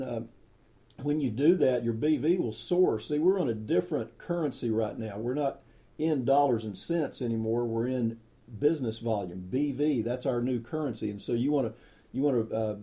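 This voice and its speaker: This middle-aged man speaks in a very dark, mellow tone at an everyday pitch. He gives a motivational sales talk, direct and enthusiastic, and he hammers his main points by saying them twice. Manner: direct, enthusiastic, repeats key phrases. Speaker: network marketing leader.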